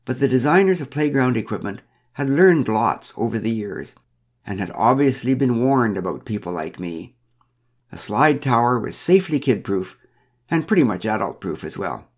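A man's voice: mid-range voice, lively intonation, normal speed. A man reading a first-person story aloud with a wry, dryly humorous manner. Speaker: narrator.

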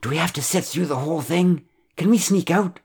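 A man's voice: medium pitch, animated, normal speed, gravelly, a little mellow. A man voicing a fidgety, sheepish husband in a storybook reading, his voice lifted above the narrator's own. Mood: hushed pleading.

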